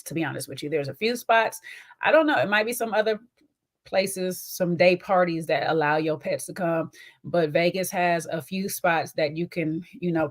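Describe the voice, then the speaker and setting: Sassy, chatty woman with a low voice. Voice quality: slight twang. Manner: chatty and sassy, often tags lines with "okay?" and "child". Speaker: reality TV recap host. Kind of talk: casual commentary.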